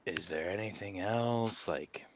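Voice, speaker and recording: A man's voice: low-pitched, measured pace. A man voicing a laid-back gamer vampire hacker who drawls and says "like" constantly. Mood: casual. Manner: slacker drawl full of filler "like".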